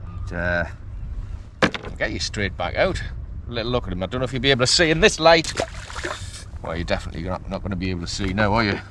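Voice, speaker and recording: A man, chatting excitedly to the camera from his kayak while fishing at sea, often laughing. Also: on the low side, fast talker, long pauses, background noise. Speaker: kayak angler filming his fishing trip. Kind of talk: casual vlog commentary. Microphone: action camera mic.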